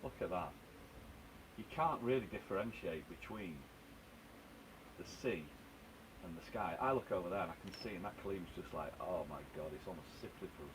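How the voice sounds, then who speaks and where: A man's voice: low voice, lively intonation, normal speed, pauses often, noisy background. A middle-aged man hosting a live stream outdoors on his terrace, chatting casually and reading out viewer comments, with the microphone set down on a table. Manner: chatty, reads out viewer comments and answers them.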